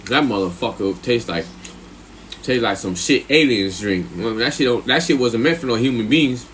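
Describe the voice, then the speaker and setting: A man telling a story casually on a live stream, full of slang and swearing, who often checks in with the listener and jumps much higher when he quotes himself. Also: animated, moderate pace, fairly bright tone, slight background noise. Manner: profane, slang-heavy, rambling with filler questions.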